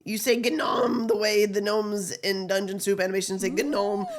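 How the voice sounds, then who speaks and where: Over crowd noise, a woman streamer with a mid-range voice chats casually in a flat delivery at moderate pace. Her nose is stuffy and congested, and she giggles, swears and rambles through the live stream.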